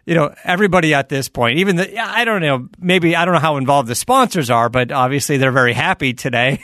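A man's voice: a little high, fast talker, pushed and bright, dry recording, studio quality. A man co-hosting a casual interview podcast, asking rambling, loosely built questions and laughing easily. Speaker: podcast co-host.

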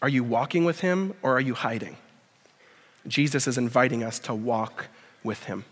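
A man preaching a sermon at a university, full of rhetorical questions, building to emphatic peaks and dropping to a quiet prayer. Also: medium pitch, normal speed, husky. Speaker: speaker at a university chapel. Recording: long hall reverb.

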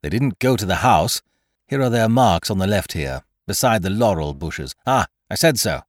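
A man doing a cool, commanding detective, clipped and cold, his lowish voice kept firm and level. It sits close and dry against the mic, with no room around it. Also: animated, normal speed, no echo, close to an everyday voice. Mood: urgent. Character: cool, commanding male detective, middle-aged.

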